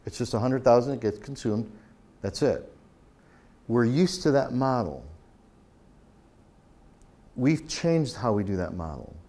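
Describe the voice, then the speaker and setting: A man's voice: mid-range voice, expressive, unhurried, long pauses, dark tone. A man speaking as a pastor, giving a conversational talk and acting out the quoted exchanges in his stories. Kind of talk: conference talk.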